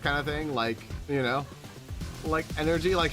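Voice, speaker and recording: A man's voice: fairly high pitch, measured pace, long pauses. A man streaming a video game, chatting casually, laughing often and reading the game's lines aloud. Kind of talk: casual gameplay commentary. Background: game music.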